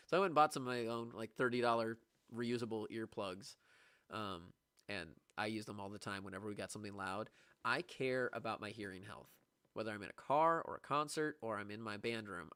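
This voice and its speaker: A man's voice: fairly low pitch, dry recording. Chatty young man, dry close sound. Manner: chatty, laughing, excitable about gifts. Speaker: music teacher streaming live. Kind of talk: casual livestream chat answering viewers.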